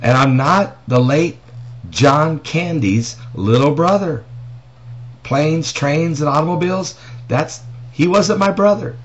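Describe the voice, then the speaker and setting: A man's voice: on the high side, slow pace. A man, a pastor, talking through news and prophecy in a casual vlog, reading an article aloud and stopping to make emphatic points with pointed rhetorical questions. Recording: dull lo-fi audio with faint noise.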